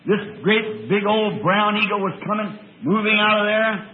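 A man preaching a folksy storytelling sermon, with a rustic drawl that breaks into excited bursts of praise. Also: sits high, normal speed. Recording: old tinny lo-fi tape with faint hiss.

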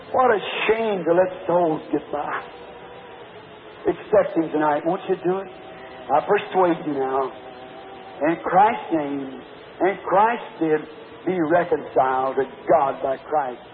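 A man's voice: a little high, slow, a little hiss or hum. A middle-aged man preaching an altar call in a large church, pleading in a rhythmic, repetitive way. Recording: tinny lo-fi old sermon tape.

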